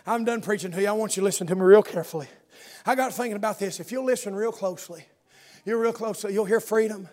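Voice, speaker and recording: A man with a strikingly high voice delivers a sermon. He preaches with fervor, dropping to a hushed, intimate tone and then climbing into a shouted, rhythmic cadence. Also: fast talker. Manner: impassioned, builds from soft talk to fervent shouting cadence.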